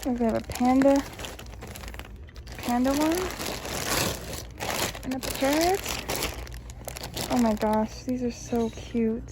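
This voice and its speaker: A woman in her early twenties filming a casual shopping vlog inside retail stores, talking excitedly and gushing over what she finds. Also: sits high, slow pace, long pauses, background noise. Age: early 20s. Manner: excitable, gushing, exclaims often. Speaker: vlogger. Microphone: handheld phone camera.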